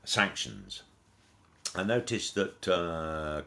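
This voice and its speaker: Very deep-voiced man, rambling. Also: expressive, moderate pace. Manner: rambling, hesitant, wry jokes. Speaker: podcast co-host. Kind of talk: casual chat.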